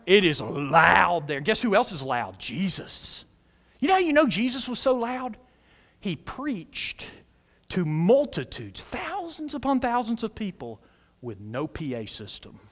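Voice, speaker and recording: A man preaching a sermon as pastor of a church, loud and emphatic, using humor and questions to the congregation. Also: big pitch swings, unhurried. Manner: loud, emphatic preaching with big pitch swings. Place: church sanctuary.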